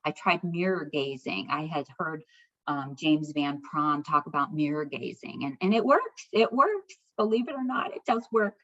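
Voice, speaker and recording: A middle-aged American woman, a guest speaker, telling a personal story with heartfelt, animated retelling and acted-out dialogue. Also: sits low, normal speed. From United States. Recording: slightly dull lo-fi recording.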